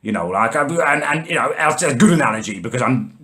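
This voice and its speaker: A man's voice: mid-range voice, lively intonation, fast talker, sharp tone. A man in a comedic vlog, ranting angrily and swearing with exasperation. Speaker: vlogger.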